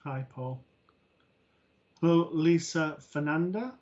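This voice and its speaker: A man giving a psychic reading on a live stream, slow and halting with many pauses and fillers, gentle and soothing. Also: fairly high pitch. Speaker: medium. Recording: dull lo-fi stream audio.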